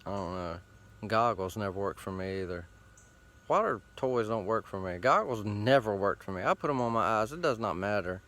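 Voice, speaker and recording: A man's voice: lowish voice, lively intonation, normal speed, a bit bright. A man hosting a show, rambling casually outdoors while sitting against a tree, with loose, profane, meandering talk full of fillers. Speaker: host.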